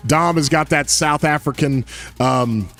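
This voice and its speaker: A man's voice: a little high, measured pace, a bit bright. A man hosting a casual gaming podcast stream, talking in an enthusiastic, rambling way with frequent restarts. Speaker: podcast host. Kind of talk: casual livestream podcast chat.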